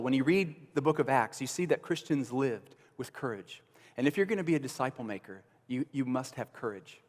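Guy preaching a sermon, mid pitch, gets loud then drops real low, big echoey hall sound. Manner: earnest preaching, rising to emphatic bursts then dropping low. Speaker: pastor.

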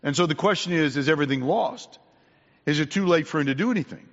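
A man preaching a sermon, repeating his main points and often clearing his throat. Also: on the high side, fast talker. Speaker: pastor. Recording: dull sound with long hall reverb.

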